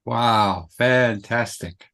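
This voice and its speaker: A man hosting an interview, chatty and quick to jump in with his own stories. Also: medium pitch, bright, forceful tone. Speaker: podcast host. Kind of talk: casual interview chat.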